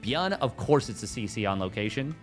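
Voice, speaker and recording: Jokey excitable male game caster. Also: on the low side, a little fast, faint music behind. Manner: jokey, excitable, riffs and sing-songs. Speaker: esports caster. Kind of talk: solo game commentary.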